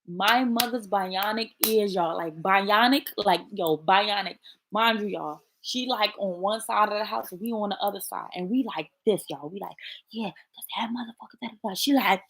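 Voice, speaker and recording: A woman's voice: medium pitch, normal speed, a bit bright. A woman chatting casually to her viewers, blunt and profane, talking straight to them. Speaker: vlogger. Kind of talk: casual chat to camera.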